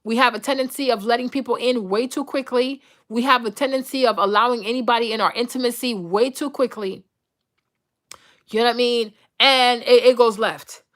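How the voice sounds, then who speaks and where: A woman's voice: fairly high pitch, steady tone, fairly quick, fairly bright tone. Blunt, profane woman ranting. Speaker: host. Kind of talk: uncensored casual rant to viewers.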